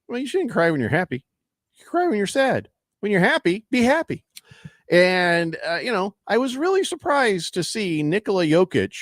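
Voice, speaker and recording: A man hosting sports radio talk, jokey and animated, reading listener comments aloud. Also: high-pitched, moderate pace, no room sound, studio quality. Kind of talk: casual sports radio banter.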